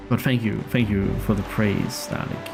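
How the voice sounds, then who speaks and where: A man's voice: fairly low pitch, steady tone, normal speed, creaky, poor audio. A man casually commenting while playing a video game, rambling and amused at himself, stumbling over words, with game music behind. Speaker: game streamer.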